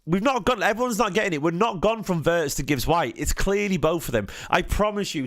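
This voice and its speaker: A man's voice: high-pitched, expressive, fairly quick, hardly any pauses. A tired man, hosting a casual football fan stream, rambling with frequent restarts and questions to his chat. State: tired, half asleep. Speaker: football fan channel host.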